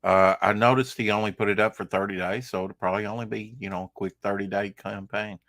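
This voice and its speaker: A man's voice: lowish voice, steady tone, fast talker, a bit bright, no echo, studio quality. A man co-hosting a podcast, chatting casually in a rambling, teasing way. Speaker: podcast co-host. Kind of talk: casual chat.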